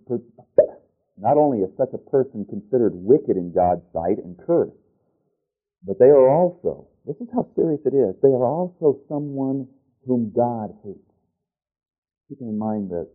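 A man preaching a sermon, reading scripture aloud and stopping often to restart and correct himself. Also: lowish voice. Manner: deliberate, with restarts and self-corrections. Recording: tinny phone-like sound.

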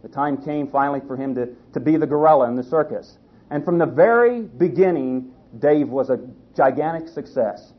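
Husky-voiced folksy preacher. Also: male voice, fairly high pitch. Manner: folksy, halting with restarts. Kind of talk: storytelling sermon. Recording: dull lo-fi recording.

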